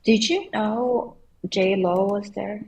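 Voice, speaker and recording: A woman's voice: medium pitch, steady tone, takes it slowly, a little mellow, distant mic, poor audio. A woman guest on a podcast in casual chat, speaking unhurriedly with some hesitation. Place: podcast recording in Seoul.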